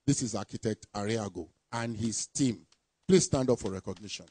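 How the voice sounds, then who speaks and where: A man giving a formal ceremony speech, deliberately reading out names and titles. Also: fairly low pitch, dark tone, breathy edge, dry recording. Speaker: permanent secretary presenting a project team.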